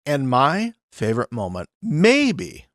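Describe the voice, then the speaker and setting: A man co-hosting a casual reality-TV recap podcast, animated and acting out quotes in little put-on voices. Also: medium pitch, moderate pace, no echo, studio quality. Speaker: podcast co-host.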